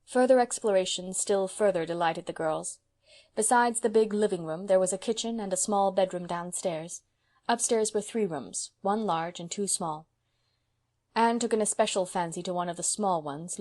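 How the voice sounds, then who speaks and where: A woman reading a classic novel aloud as an audiobook narrator, softly and evenly. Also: fairly low pitch, moderate pace.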